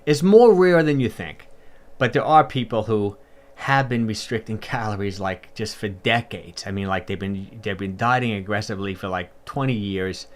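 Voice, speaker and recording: A man's voice: on the low side, normal speed. A man, a fitness coach, talking casually on a livestream and answering viewer comments in a chatty, upbeat way with lots of fillers and repeats.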